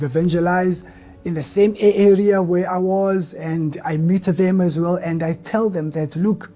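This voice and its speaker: A man's voice: sits high, mellow. A man giving a personal church testimony, speaking earnestly and with a heavy stutter that repeats the first syllables of words. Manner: earnest, emotional, rising to fervent outbursts.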